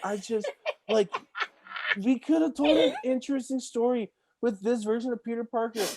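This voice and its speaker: A man on a podcast, ranting heatedly and swearing, with shouted outbursts. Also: very high-pitched, normal speed, very noisy. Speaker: podcast guest. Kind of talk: casual ranting chat.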